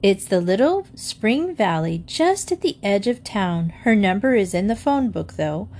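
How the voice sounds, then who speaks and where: A woman's voice: medium pitch, big pitch swings, a little slow, a little mellow. A cheerful mother of eight chats breezily and reassures her friend, as a woman reading a storybook puts her on. The voice stays close to the reader's own. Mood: reassuring.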